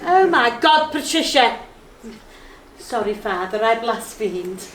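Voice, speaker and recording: A woman's voice: on the high side, expressive, slow. An actress with a Liverpool accent playing a fussy, devout mother who is easily flustered. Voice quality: fussy, exclaiming. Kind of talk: stage play acting. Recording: echoey stage with faint noise.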